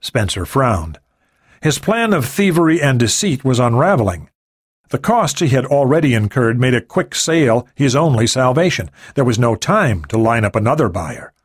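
Male thriller narrator, lively pitch, expressive character voicing. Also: moderate pace, slightly rough. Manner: expressive, varies voices for characters. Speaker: audiobook narrator. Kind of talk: scripted narration.

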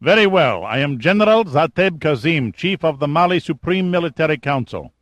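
A man's voice: on the high side, animated, moderate pace, fairly bright tone, dry recording, voice pushed up. A man voicing a cold, commanding military general in an audiobook, speaking in a clipped, threatening way. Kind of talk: audiobook character voice.

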